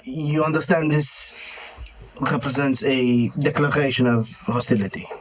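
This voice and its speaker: A formal, well-spoken male adventurer who slips French words into his speech, as a man voices him. He talks in a measured, deliberate way with small hesitations, at an ordinary middle pitch. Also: fairly even intonation, close to an everyday voice, poor audio. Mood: grave.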